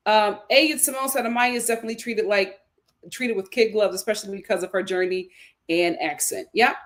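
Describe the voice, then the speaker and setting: A woman hosting a livestream, reading viewer comments aloud and reacting to them emphatically, often repeating her own lines for effect. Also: a little high. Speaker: show host.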